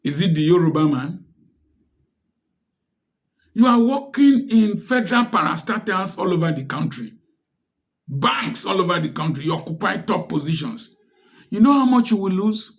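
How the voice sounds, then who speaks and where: A man's voice: high voice, animated, moderate pace, long pauses. A man with a Nigerian English accent giving impassioned commentary, firing off rhetorical questions in a preachy tone. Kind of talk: direct-to-camera social commentary.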